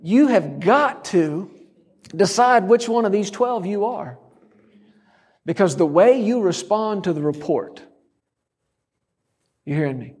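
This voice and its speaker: A man's voice: sits high, animated, takes it slowly, long pauses, darkish tone, husky. A man preaching a sermon, driving his points home through repeated declarations and rhetorical questions.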